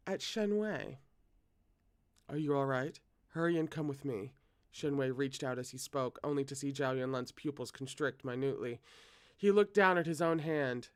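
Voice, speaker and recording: A man reading a novel aloud at a steady pace, now and then correcting himself. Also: a little high. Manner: steady, occasional self-corrections. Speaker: reader.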